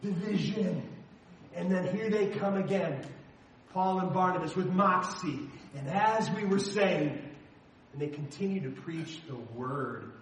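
A man preaching a sermon in a church, emphatic and animated, breaking into sudden shouts. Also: sits high, unhurried, slight background noise. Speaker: pastor. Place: church sanctuary. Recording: roomy echo, voice heard from a distance.

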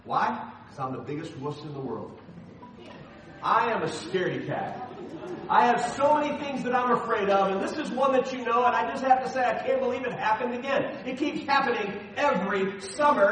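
A middle-aged man preaching a sermon as the pastor, telling personal stories with animated, self-deprecating humor. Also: very high-pitched, a little fast, heavy reverb, distant mic, a little hiss or hum, poor audio.

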